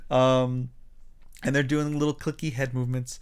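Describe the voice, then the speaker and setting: A man's voice: mid-range voice, level tone, moderate pace, clear, resonant tone. A man co-hosting a casual livestream, retelling a film scene by scene, acting out lines in funny voices and laughing often. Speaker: co-host recapping a film.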